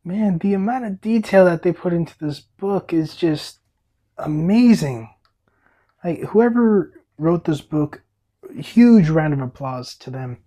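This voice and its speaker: A man's voice: fairly high pitch, lively intonation, measured pace, mellow. A young man hosting a read-aloud of a picture book, enthusiastic, with stammering restarts and laughing asides. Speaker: storybook reader, channel host.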